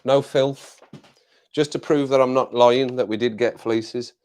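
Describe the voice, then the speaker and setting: A man's voice: mid-range voice, steady tone, a little slow, a little mellow. An English man hosting a casual live chat with viewers from his home desk, jokey and rambling, laughing often, on a clip-on mic. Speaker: livestream host.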